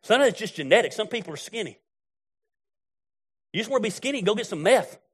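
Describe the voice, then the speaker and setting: A middle-aged man preaching with a twang, his voice pitched a little high for a man. He talks bluntly and folksily, spinning stories as he goes. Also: animated, quick pace, breathy edge. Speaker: pastor. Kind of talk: sermon.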